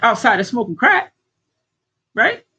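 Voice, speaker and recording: Unhurried and sharp in tone, a middle-aged woman speaks in a high, slightly rough voice with big pitch swings. As a life coach on a livestream, she gives a blunt, preachy, heavily profane pep talk, recorded at low quality.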